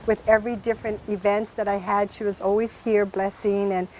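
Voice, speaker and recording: A middle-aged woman from Hawaii, hosting a casual talk show, exuberant and loud, laughing often. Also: mid-range voice, level tone, fairly quick, a little hiss or hum. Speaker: host. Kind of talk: casual chat.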